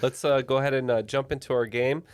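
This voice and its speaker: A man's voice: mid-range voice, fairly even intonation, fast talker, smooth, no echo. A man co-hosting a trivia podcast with jokey, upbeat banter. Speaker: podcast co-host and player.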